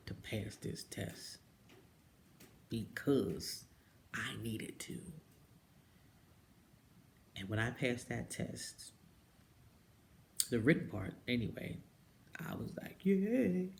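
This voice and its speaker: A woman talking casually to camera, telling her own story and jumping up high when she quotes people. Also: gravelly, a little hiss or hum. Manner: animated storyteller who mimics people with high-pitched quotes and drops into whispers. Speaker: direct-sales jewelry consultant. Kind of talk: casual personal vlog monologue.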